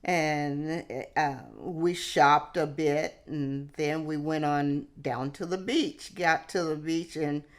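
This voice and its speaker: A woman vlogger recounts a personal story to camera, speaking haltingly, often restarting and slipping in "hey." Her voice is low-pitched with fairly even intonation.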